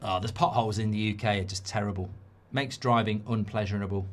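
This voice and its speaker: A man's voice: on the high side, brisk, fairly bright tone. A middle-aged man hosting a live football watchalong, ranting and swearing, mocking people in whiny voices and reading chat messages aloud.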